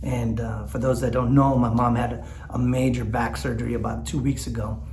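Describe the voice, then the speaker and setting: A man's voice: mid-range voice, level tone, brisk, darkish tone, roomy sound, a little hiss or hum. A man talks candidly in a personal vlog, teary and rambling, with lots of fillers and restarts. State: teary, choked up. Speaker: vlogger. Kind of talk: emotional personal vlog talk.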